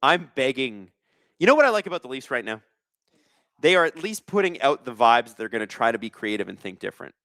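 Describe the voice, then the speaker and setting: A man's voice: medium pitch, sing-song, a little fast, a bit bright, dry recording. A man hosting a casual live sports watch-along, reading chat aloud and joking sarcastically, with plenty of swearing. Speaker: livestream host.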